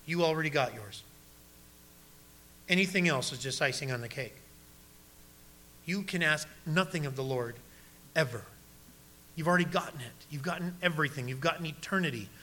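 A man preaching a sermon, reading scripture and questioning his congregation directly, sometimes dropping to a soft, low voice. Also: moderate pace, long pauses. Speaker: pastor.

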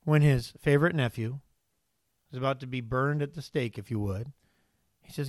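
A man's voice: medium pitch, moderate pace, dry recording, clean studio sound. A man preaching a conversational sermon, reading scripture and asking the congregation questions. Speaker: pastor.

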